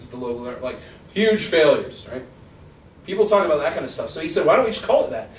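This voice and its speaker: A male rhetoric professor giving a casual, joking classroom lecture, acting out quoted voices as he talks. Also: a little high. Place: lecture room. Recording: roomy echo, far from the mic, faint noise.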